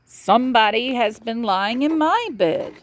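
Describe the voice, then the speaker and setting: A woman's voice: on the high side, lively intonation, a little slow, pitched above the performer's own voice. A woman voicing the middle-sized mama bear from a storybook in an indignant tone.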